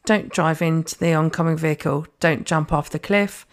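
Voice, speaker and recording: Woman podcaster, a bit low, swears a lot, blunt dry jokes. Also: steady tone, moderate pace. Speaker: podcast co-host. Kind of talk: casual chat.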